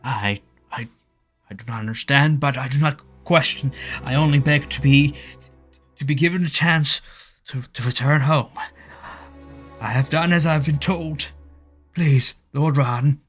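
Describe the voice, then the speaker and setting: A man voicing a frail, elderly male creature who grovels, stammering and pleading slowly. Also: mid-range voice, a bit bright, faint music behind, pitched above the performer's own voice, lightly acted.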